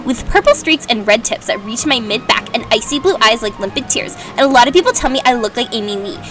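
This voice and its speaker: A woman voicing a melodramatic teenage goth vampire witch girl, reading slowly and over-dramatically. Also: a little high, expressive, fairly bright tone, soft background music. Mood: dramatic.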